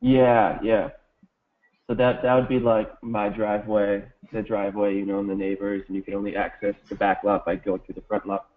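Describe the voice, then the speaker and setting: A man's voice: on the low side, little pitch movement, normal speed, phone-quality sound. A man answering as a student in a casual tutoring session, laid-back and hesitant, feeling his way through answers. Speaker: exam student.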